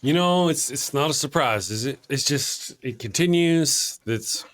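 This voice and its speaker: A man's voice: mid-range voice, expressive, a little slow, a bit bright. A man hosting a casual political chat show. He rambles and often restarts his sentences. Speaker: podcast host.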